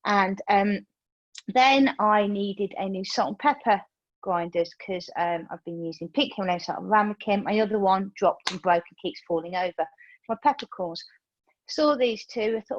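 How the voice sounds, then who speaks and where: A woman's voice: medium pitch, normal speed, dry recording, lo-fi sound. Chatty yoga teacher, woman. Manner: lively storyteller, acts out her own reactions. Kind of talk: chatty class talk with a personal story. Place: room used for online classes.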